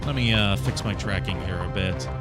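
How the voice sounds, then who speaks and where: A man whose voice sits low and moves at normal speed offers casual gameplay commentary while streaming. He rambles and jokes, leaning heavily on fillers, as faint game music plays behind him.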